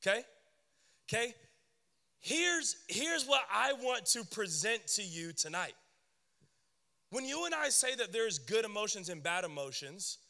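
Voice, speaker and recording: Bright-voiced, animated young pastor. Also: male voice, high voice, in a large hall. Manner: animated, joking with the crowd. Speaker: youth pastor. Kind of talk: sermon.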